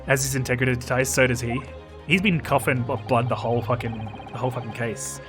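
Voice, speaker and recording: Let's-play streamer, male, casual and excitable, mid-pitched voice. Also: quick pace, soft background music. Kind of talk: casual game commentary.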